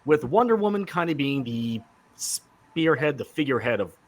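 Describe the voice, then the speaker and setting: This man's medium-pitched voice swings widely in pitch at a normal speed as he hosts a casual comics podcast. Full of enthusiasm, he rambles, with frequent fillers and restarts.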